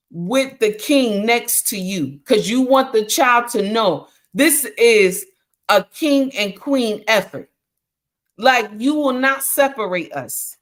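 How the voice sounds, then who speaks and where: A middle-aged woman hosting a livestream, giving preachy relationship advice with emphatic repetition, often calling listeners honey and mama. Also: on the high side. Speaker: livestream host.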